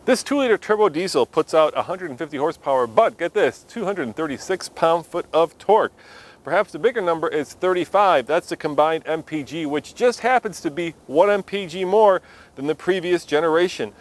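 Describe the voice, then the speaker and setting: A man's voice: fairly high pitch, expressive, brisk. A man hosting a car review, upbeat and joking as he drives. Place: inside a moving car on city streets. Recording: car and street noise.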